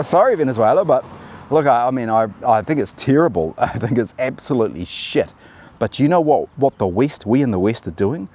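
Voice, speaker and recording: A man's voice: mid-range voice, lively intonation, brisk, darkish tone. Sardonic man talking politics. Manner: sardonic, chatty, addresses viewers as "team". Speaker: political commentary host. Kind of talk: casual political commentary.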